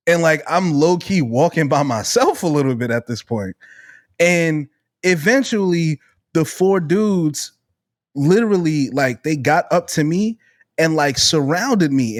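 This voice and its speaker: Animated man telling a story, dry sound. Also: on the high side, no room sound. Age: around 30. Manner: animated, swears freely, acts out quoted voices. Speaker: podcast co-host. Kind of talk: casual storytelling chat.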